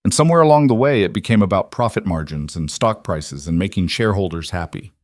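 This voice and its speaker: A man reading aloud, voicing an adult businesswoman who sounds tired, earnest and quietly defensive. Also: low voice, lively intonation, quick pace, no room sound, studio quality. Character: guarded driven businesswoman, adult female CEO.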